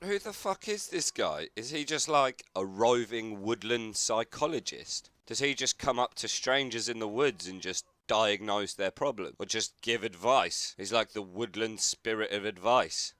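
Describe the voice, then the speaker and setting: A man's voice: on the low side, lively intonation, measured pace, hardly any pauses, pushed and bright, no echo. A man giving sarcastic, sweary reaction commentary on a video, exasperated and mocking.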